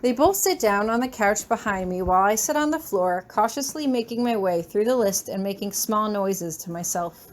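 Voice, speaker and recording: A woman reading first-person fan fiction aloud in a lively, chatty, expressive way. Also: mid-range voice, moderate pace, hardly any pauses, a little hiss or hum. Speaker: reader.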